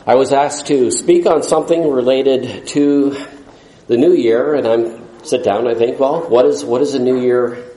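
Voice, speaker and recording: A man's voice: medium pitch, steady tone, a little slow, warm tone, echoey room, low-quality recording. A man preaching a sermon in a folksy, rambling way, with jokes along the way.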